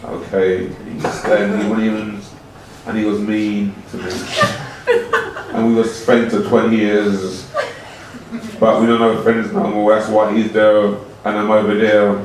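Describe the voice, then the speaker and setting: Low-voiced man in a slow deadpan ramble. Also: noisy background. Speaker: comedian. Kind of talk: absurd comic monologue. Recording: echoey room from far off.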